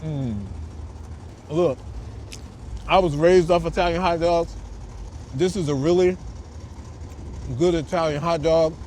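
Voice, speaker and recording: A man's voice: on the high side, steady tone, unhurried, pauses often, darkish tone. A man hosting a casual food review vlog, chatting to viewers in laid-back slang outdoors on a windy city street. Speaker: food vlogger host.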